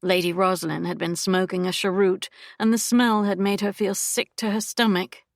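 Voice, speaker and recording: A woman narrating a romance audiobook in an unhurried, measured way. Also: medium pitch, level tone, dry recording, studio quality. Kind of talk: scripted narration.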